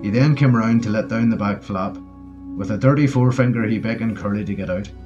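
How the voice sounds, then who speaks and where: A man narrates a wartime story in a steady, low voice. The recording is dull and muffled, with faint music playing behind him. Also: a little fast. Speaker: audiobook narrator. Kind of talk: scripted narration.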